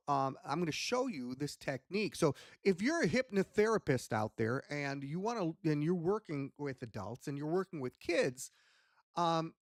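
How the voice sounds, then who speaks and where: Man hosting a casual hypnotist lesson, lively pitch, dry close sound, chatty and meandering. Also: dry recording. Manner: rambling and animated, with many ums and restarts. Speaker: hypnotist and ventriloquist host. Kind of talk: casual teaching talk.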